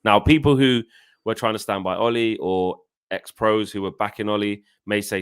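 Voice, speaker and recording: Low-voiced guy in a fan chat, animated, keeps acting out his own shouting. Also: normal speed, clean tone. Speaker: co-host of a fan channel.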